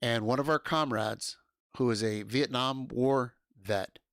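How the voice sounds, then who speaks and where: A man hosting a casual livestream, loud and excitable, swearing and laughing often. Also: medium pitch, a little slow, no echo, studio quality. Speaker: livestream host.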